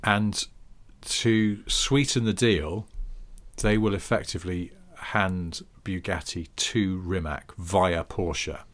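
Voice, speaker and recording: A man's voice: low-pitched, steady tone, slow pace. A man co-hosting a podcast in casual chat, wry and explanatory. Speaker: podcast co-host.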